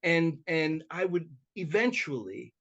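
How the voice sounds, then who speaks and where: A man's voice: a little high, takes it slowly, muffled recording. A man who works as a mediator, chatting as a podcast guest and telling stories eagerly, often restarting and repeating words as he goes. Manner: self-described talker, animated and chatty. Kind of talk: conversational interview storytelling.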